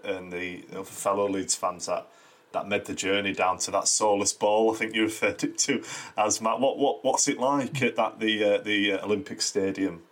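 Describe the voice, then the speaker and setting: A man's voice: lowish voice, steady tone, normal speed, fairly bright tone. A man chatting casually as a podcast co-host, rambling and repeating words. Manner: rambling, repeats words while searching for them. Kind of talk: casual chat.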